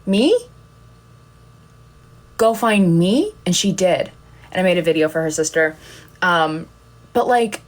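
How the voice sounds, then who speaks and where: Young woman rambling and giggling on a live stream, a bit low pitched, pokes fun at herself. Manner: giggly, rambling, self-deprecating storyteller. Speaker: content creator on a livestream. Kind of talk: casual livestream chat.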